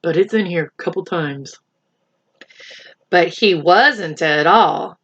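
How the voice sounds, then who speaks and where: A woman teacher reading a picture book aloud to children, expressive and stopping to count along with them. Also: fairly low pitch, slow pace, highs cut off. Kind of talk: read-aloud storytime.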